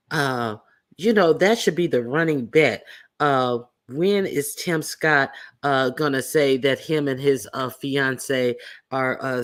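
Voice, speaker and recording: Man hosting a casual livestream. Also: mid-range voice. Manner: loose, conversational, many fillers and restarts. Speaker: livestream host.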